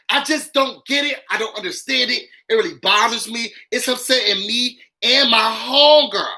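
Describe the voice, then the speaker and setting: Man, sassy recap host, bright sharp tone, dramatic slangy delivery, repeats himself for effect. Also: extremely high pitch, fairly quick, poor audio. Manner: repeats lines for emphasis. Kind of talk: casual live recap commentary.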